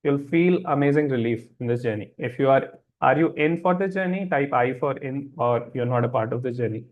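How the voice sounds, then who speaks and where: A man's voice: medium pitch, brisk, phone-quality sound, slight background noise. A man hosting a wellness webinar, reassuring listeners and often checking that they follow. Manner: reassuring, repeats check-in questions. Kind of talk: live webinar talk answering chat questions.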